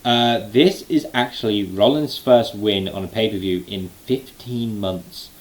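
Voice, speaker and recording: A young man recapping a live event in a casual, excited way, full of fillers and restarts. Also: on the low side, unhurried, poor audio. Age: late 20s. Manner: excited, rambling with many fillers. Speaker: wrestling fan vlogger.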